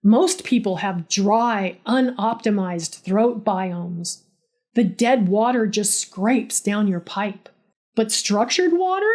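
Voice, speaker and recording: A woman plays a smug male bio-hacker coworker in a spoken story, pitched high and drawn out slowly as he lectures. His tone is earnest and condescending, as if explaining the obvious to a child. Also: darkish tone, heavily acted.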